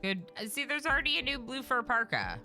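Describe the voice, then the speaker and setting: A woman's voice: sits high, huge pitch swings, brisk, sharp tone, faint music behind. A young adult woman streaming a game live, chatting with viewers and reacting aloud to the play.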